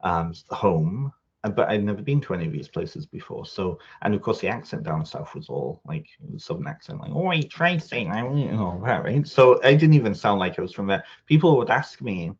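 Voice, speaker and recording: Husky low-voiced man with a Canadian accent. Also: expressive, brisk, a little mellow, lo-fi sound. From England. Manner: rambling, searching for words, many fillers. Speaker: guest. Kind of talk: reflective interview talk.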